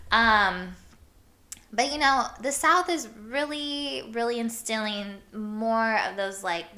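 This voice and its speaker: Podcast host, woman from Iowa; bright, sharp voice; loose, chatty storytelling, filler-heavy. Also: fairly high pitch. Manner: rambling, full of "like", laughs often. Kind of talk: casual storytelling chat.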